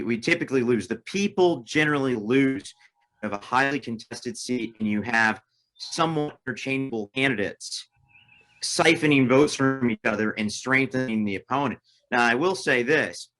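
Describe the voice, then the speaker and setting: A man's voice: mid-range voice, fairly bright tone, poor audio. A man interviewed as a political candidate, speaking emphatically and repeating himself. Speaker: guest candidate.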